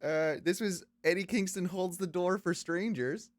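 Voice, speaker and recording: A man's voice: high voice, dry recording. A man in his thirties hosting a podcast in casual chat, talking loosely with many restarts and filler sounds. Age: 30s. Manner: loose, halting, lots of uh and restarts. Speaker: podcast host.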